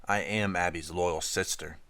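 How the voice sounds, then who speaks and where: A man reading a menacing teenage girl with a second personality, slow and flat, in a hoarse, purring, cat-like voice. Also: sits low, no echo. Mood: cold menace.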